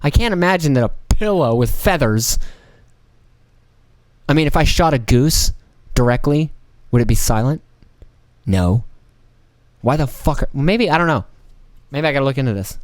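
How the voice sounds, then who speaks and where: A man's voice: medium pitch, expressive, normal speed, pauses often, no echo. A man hosting a casual solo podcast, rambling and joking with plenty of profanity and playful mock voices. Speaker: podcast host.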